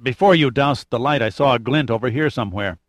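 A man's voice: mid-range voice, a little fast, no room sound, studio quality, natural voice. A man reading an audiobook, voicing a gloomy, wry adult male sidekick.

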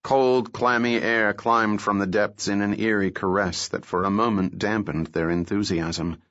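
A man reading a novel aloud as an audiobook, telling the story in a steady, measured way. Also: on the low side. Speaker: narrator. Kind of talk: scripted audiobook narration. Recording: dull lo-fi recording.

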